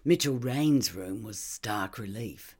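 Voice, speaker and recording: A reader narrating first-person crime fiction in a hushed, half-whispered manner. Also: medium pitch, lively intonation, takes it slowly. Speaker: audiobook reader.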